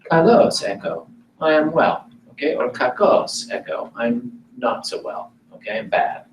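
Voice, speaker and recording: A man teaching a Greek class, slow and patient, checking in often with "okay?", recorded from a distance in a classroom. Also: mid-range voice, lively intonation, a little hiss or hum. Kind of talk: classroom lesson. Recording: roomy classroom from far off.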